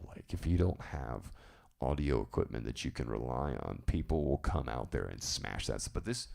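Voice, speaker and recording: A man hosting a live stream, chatting casually and telling rambling, animated stories. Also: rumbling low, vocal fry. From southern United States. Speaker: live-stream show host.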